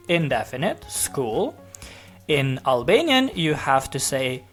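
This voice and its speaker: Teacher voice for a grammar lesson: very slow and lively in pitch, careful repetition of each example, soft music underneath. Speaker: language teacher.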